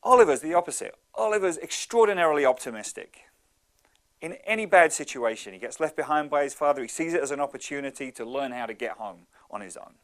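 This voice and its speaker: Animated male storyteller giving a talk. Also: fairly high pitch, fast talker. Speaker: speaker.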